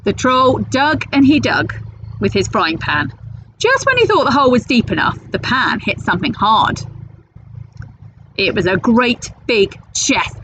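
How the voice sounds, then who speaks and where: A woman teacher reading a picture book aloud to children, with expressive storytelling. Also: medium pitch, a little slow, a little hiss or hum, low-quality recording.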